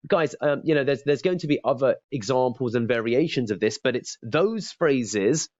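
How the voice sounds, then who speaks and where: A man's voice: mid-range voice, animated, moderate pace, no room sound, lo-fi sound. A man as a sales trainer giving a casual, chatty lesson, often stumbling and repeating his words.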